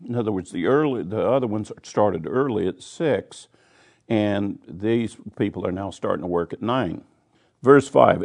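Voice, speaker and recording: Gravelly-voiced man teaching Bible study. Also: on the low side, measured pace, darkish tone. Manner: reads scripture aloud, then explains it plainly.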